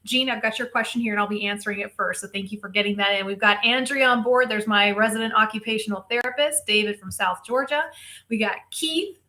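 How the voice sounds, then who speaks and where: A woman's voice: mid-range voice, a little fast, pushed and bright. A woman physical therapist hosting a casual live show, chatty and greeting viewers by name. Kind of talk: casual live-stream chat. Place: home, Tampa.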